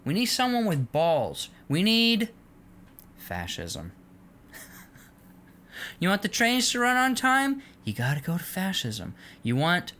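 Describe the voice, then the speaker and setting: A man's voice: fairly high pitch, sharp tone. A man delivering a long, heated political rant to camera, sarcastic and mocking toward imagined critics. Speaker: political commentator.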